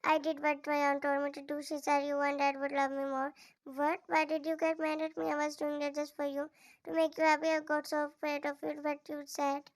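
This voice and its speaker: Woman reader voicing a young guilty boy, high and flat, halting fan fiction read. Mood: pleading. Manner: plain reading voice, halting. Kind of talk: reading fan fiction aloud.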